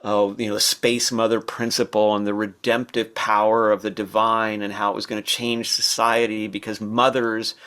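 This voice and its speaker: An older man telling stories from his past as a podcast guest, thoughtful and unhurried, with fillers and restarts. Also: on the low side, little pitch movement, a bit bright. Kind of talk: relaxed storytelling interview.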